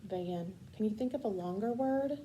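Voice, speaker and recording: A woman's voice: medium pitch, normal speed, background noise. A woman tutoring a child in reading, patient and encouraging, with bursts of praise. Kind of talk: one-on-one reading lesson with a child.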